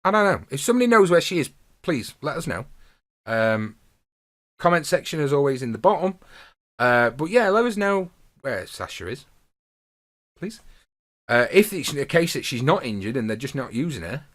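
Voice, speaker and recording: A man's voice: mid-range voice, very animated, moderate pace, long pauses, a bit bright. A man hosting a podcast, rambling casually through a wrestling review and laughing as he retells the funny bits. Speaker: podcast host.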